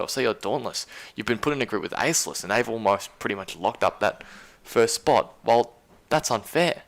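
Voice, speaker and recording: Australian man, low gravelly voice, rambling stream talk, incredulous. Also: fairly bright tone. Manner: rambling, incredulous, reading chat aloud. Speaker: stream host. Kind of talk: casual live-stream commentary.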